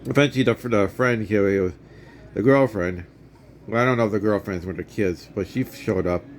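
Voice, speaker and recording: A man's voice: lowish voice, normal speed. A man in his fifties casually retelling and reviewing a movie for his vlog, rambling with many restarts.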